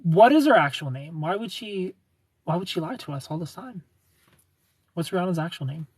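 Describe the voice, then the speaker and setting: Profane, laughing young livestream host. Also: male voice, high voice, animated, moderate pace, husky. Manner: ranting, profane, laughing often. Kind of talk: casual livestream chat reading comments.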